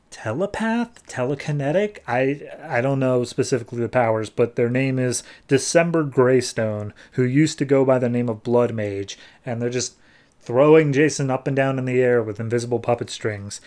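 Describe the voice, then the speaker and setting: A man's voice: mid-range voice, moderate pace, darkish tone. Rambling man recapping comics. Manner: rambling, filler-heavy retelling. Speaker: podcast host. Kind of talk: casual comic book recap.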